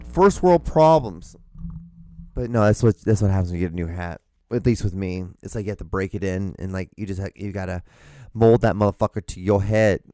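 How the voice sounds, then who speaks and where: A young man rants on his solo podcast, cursing at nearly every turn and briefly mocking people in put-on voices. His tone is dark and mellow, and the recording is dry and close, with no room echo. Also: on the low side. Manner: swears constantly, mocks people in put-on voices. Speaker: podcast host. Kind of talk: profane ranting monologue. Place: small room.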